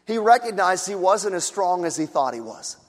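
A man preaching a sermon as pastor, moving between hushed tender passages and loud, shouted ones. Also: high voice, big pitch swings, moderate pace. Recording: long reverb of a church hall.

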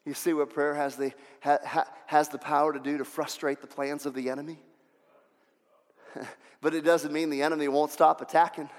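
A man preaching a sermon, animated, acting out voices and swinging from loud to hushed. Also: on the high side, normal speed. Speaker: pastor. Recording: long hall reverb.

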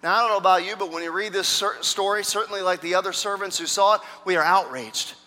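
A man, a pastor, preaching a sermon with emphatic repeated phrases, swinging from loud to hushed. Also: high voice, fairly even intonation, fast talker. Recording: long hall reverb.

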